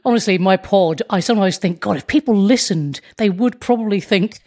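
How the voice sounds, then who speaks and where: Animated woman telling stories. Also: medium pitch, a little fast. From England. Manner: animated storytelling, slips into put-on voices. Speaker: guest comedian. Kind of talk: casual interview chat.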